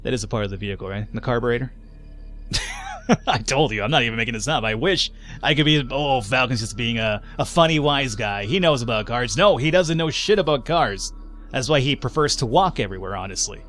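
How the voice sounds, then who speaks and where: A young man talks his way through a survival game in loose, joking commentary, swearing now and then. His voice sits at an average pitch for a man. Faint game music plays underneath. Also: lively intonation, brisk, a bit bright. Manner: chatty and joking, with casual swearing. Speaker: let's play host. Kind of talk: casual gameplay commentary.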